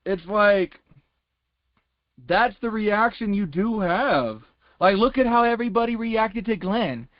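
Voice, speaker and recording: A man's voice: high voice, animated, takes it slowly, no echo. A man giving casual, rambling testimony in a call-in Bible class, talking in loose colloquial phrases and circling back with "it's like.". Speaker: class participant. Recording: dull lo-fi conference call line.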